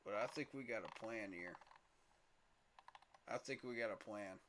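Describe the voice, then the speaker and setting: A low-voiced man talks through his choices on a late-night solo stream, mumbling and repeating himself as he thinks. He sounds tired, and a faint hiss sits under his voice. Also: measured pace, a bit bright. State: tired, yawning. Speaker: fan podcast host. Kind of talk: casual solo livestream commentary.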